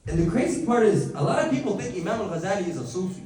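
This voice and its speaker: A man's voice: high voice, sing-song, a little mellow. A man teaching a class in a casual, conversational way, often asking his students questions. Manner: conversational, asks the class questions, switches to rapid text reading. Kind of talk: classroom lesson. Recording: echoey room, mic at a distance.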